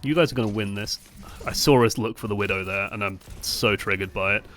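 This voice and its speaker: A young man coaching over gameplay footage, moving from calm breakdowns to exasperated outbursts and swearing bluntly. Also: on the low side, fairly quick. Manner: swings from calm analysis to exasperated shouting. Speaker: game coach. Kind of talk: live-streamed gameplay review commentary.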